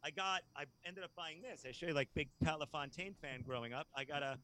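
A man from Hampton Roads in Virginia, a guest on a casual podcast chat, talking in an excitable, rambling way with frequent laughs and restarts. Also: a little high, fast, slight background noise.

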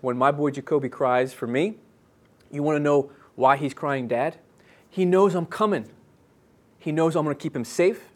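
An earnest man in his thirties delivers a sermon as pastor, his voice at a middling pitch. He talks in halting bursts full of restarts and fillers. On key phrases he softens and slows right down.

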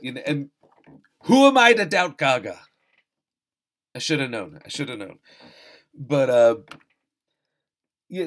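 A man talking casually about films as host, loose and rambling, with frequent restarts and salty language. He pokes fun at himself as he goes, stacking quick asides on top of each other. His voice sits at an ordinary middle pitch. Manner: rambling, self-deprecating, profane, quick asides. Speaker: podcast host reviewing films. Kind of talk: casual chat.

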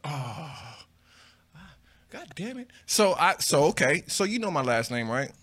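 A man's voice: fairly high pitch, very animated, a little slow, fairly bright tone, slightly rough. A young man co-hosting a podcast, laid-back and articulate, chatting casually and swearing freely. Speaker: podcast co-host.

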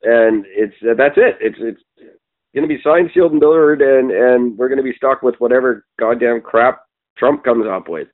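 On a casual podcast, a Canadian man serves as co-host, swearing a lot and airing blunt opinions while he rambles and stalls on frequent ums. The mid-range voice has a thin, tinny, phone-like quality.

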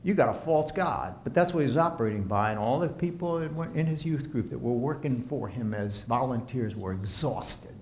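A man preaching a sermon and counseling as he talks, impassioned, swinging from soft to emphatic. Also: medium pitch, a little fast, few pauses, a little hiss or hum. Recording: echoey room.

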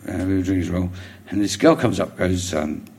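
A middle-aged man with a London accent, a comedian guest telling a rambling anecdote on stage before a live audience, with halting restarts, chuckling as he goes. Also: deep voice, a little mellow, a little hiss or hum. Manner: rambling storyteller, halting restarts, chuckles through his stories.

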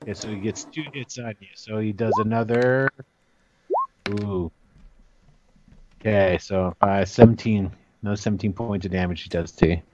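A man's voice: lowish voice, fairly even intonation, normal speed, pauses often, muffled recording, noisy background. A man narrating and running a tabletop role-playing game in a casual, chatty way. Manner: casual, chatty, with many restarts. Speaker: game master.

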